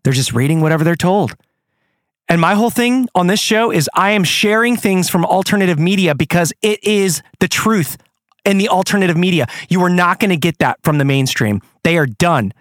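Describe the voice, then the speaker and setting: A man's voice: sits high, brisk, dry recording, clean studio sound. A man hosting his own show, ranting angrily with plenty of swearing. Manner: angry, profane, animated. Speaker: podcast host. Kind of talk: ranting monologue.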